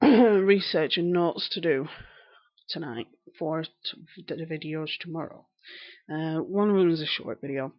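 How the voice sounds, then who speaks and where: Chatty Yorkshire woman, lo-fi stream. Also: deep voice. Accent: Northern English, Yorkshire. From England. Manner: chatty, rambling, answering viewers' comments while knitting. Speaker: live-streaming writer and knitter. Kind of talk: casual live-stream chat. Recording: slightly dull lo-fi stream audio.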